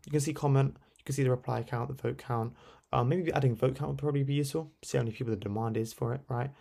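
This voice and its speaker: A young man walking through a software tutorial on screen in a loose, chatty way, full of fillers and tag questions. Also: mid-range voice, creaky. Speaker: tutorial host. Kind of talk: casual screen-recorded tutorial.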